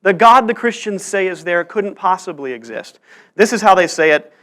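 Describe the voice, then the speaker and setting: Earnest preacher, slightly high voice. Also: male voice, expressive, moderate pace, a bit bright. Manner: earnest storyteller who builds to pressing rhetorical questions. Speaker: pastor. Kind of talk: sermon. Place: church sanctuary.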